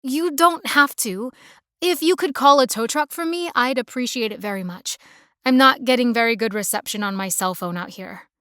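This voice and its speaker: A woman's voice: on the high side, moderate pace, fairly bright tone, dry recording, clean studio sound, lightly acted. Woman voicing wary stranded city woman. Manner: guarded, stiff, precise.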